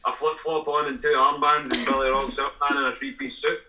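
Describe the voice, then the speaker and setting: A man's voice: mid-range voice, little pitch movement, a little fast, a loud crowd. A man, a band member and guest, joking and mocking himself in a casual chat. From Scotland. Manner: jokey, self-mocking. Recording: roomy echo.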